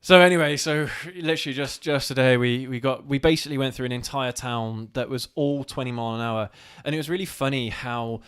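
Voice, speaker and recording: A man chatting casually as co-host of a live stream, rambling with restarts and getting animated when he complains. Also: medium pitch, brisk, few pauses, clean tone. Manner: rambling, animated when ranting, laughs easily.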